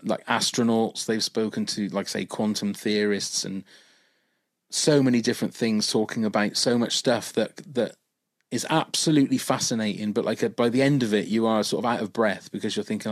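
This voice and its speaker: A man's voice: lowish voice, fairly even intonation, normal speed, no room sound. A man co-hosting a podcast in casual chat, rambling and enthusiastic with many fillers. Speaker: podcast co-host.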